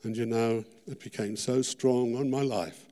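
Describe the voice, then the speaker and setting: Fervent Australian preacher in an echoing hall. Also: male voice, mid-range voice, fairly even intonation, a little slow. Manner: earnest, fervent, repeating words, rising to loud peaks. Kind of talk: sermon testimony. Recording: long hall reverb.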